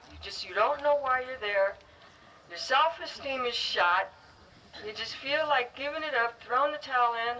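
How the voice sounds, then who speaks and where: An earnest woman delivers a heartfelt graduation speech in short, halting phrases, her voice bright and a little high. She is picked up from some distance, with a faint hiss behind her. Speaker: guide dog school graduate giving a speech. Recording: distant, faintly noisy ceremony recording.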